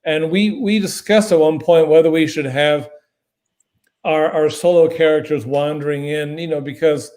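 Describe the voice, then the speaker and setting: Brief: male author guest, slightly higher pitch, measured and precise, chatting on a video call. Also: fairly even intonation, darkish tone. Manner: articulate, measured, precise word choice. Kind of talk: casual conversational answers.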